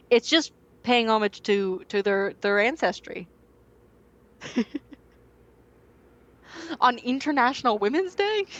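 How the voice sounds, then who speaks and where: A woman hosting a live stream in a casual, playful way. Her voice sits at an ordinary middle pitch, and she keeps up relaxed banter with her audience. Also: muffled recording. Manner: relaxed, playful, chuckling asides to chat. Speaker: streamer host. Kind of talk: casual chat.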